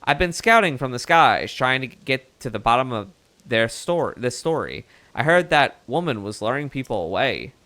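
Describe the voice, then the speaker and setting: A man voicing an eager male bird news reporter with a put-on Mid-Atlantic accent, brisk and folksy. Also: medium pitch, very animated, bright, forceful tone. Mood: chummy. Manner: brisk, folksy, keeps saying partner.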